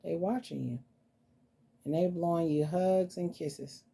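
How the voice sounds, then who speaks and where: A woman hosting a casual vlog, talking softly and playfully to her dolls as if they were children. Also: lowish voice, steady tone, measured pace, creaky, husky. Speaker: doll collector vlogger. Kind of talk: casual doll-play vlog.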